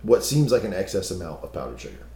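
A man with a hoarse, gravelly voice, co-hosting a casual podcast chat. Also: deep voice, sing-song, quick pace, warm tone, roomy sound. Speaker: podcast co-host.

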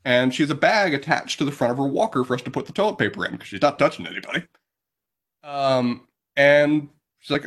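Man, podcast co-host, rambling anecdotes with restarts, medium pitch. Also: expressive, a little fast, a bit bright. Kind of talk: casual storytelling.

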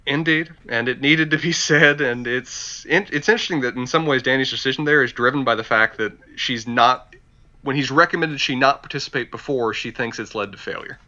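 A man's voice: mid-range voice, brisk, pushed and bright. A man co-hosting a casual podcast, chatting and reading lines from a show aloud. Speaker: podcast co-host. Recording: dull lo-fi mic.

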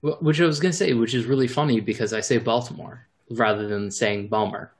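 A man's voice: mid-range voice, expressive, fast talker. A man chatting casually as a podcast co-host, rambling with fillers. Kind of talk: casual chat.

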